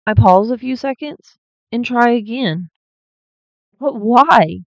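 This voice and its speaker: Her voice is a little high and darkish, and she speaks slightly slowly while reading paranormal tales aloud as a channel host. She interrupts with blunt, profane asides, captured on a slightly dull lo-fi recording with no echo.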